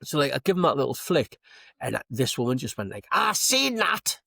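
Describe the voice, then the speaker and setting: A Geordie man, a comedian, spinning long stories on a podcast with plenty of swearing and acted-out lines. His voice sits at an ordinary middle pitch. The sound is dry and close, with no room around it. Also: fast, creaky, husky, dry recording. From Newcastle, England. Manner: swearing, animated anecdotes with acted-out quotes. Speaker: stand-up comedian, podcast guest. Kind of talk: casual podcast chat, storytelling. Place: podcast studio.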